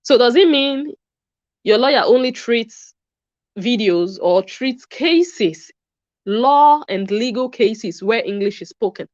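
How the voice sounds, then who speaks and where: A woman's voice: on the high side, lively intonation, slow pace, a little mellow, no room sound, lo-fi sound. A woman commentator in a vlog, talking in a sarcastic, questioning way.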